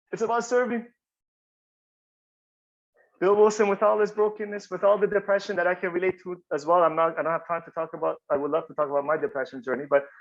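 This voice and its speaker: A man's voice: high-pitched, lo-fi sound. A man giving a heartfelt personal testimony at a workshop, talking earnestly, repeating himself and often asking "you know?" and "right?". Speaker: workshop speaker sharing recovery story.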